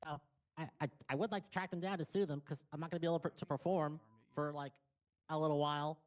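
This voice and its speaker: A roleplay player in live-streamed chat, talking haltingly with stammers. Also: medium pitch, steady tone.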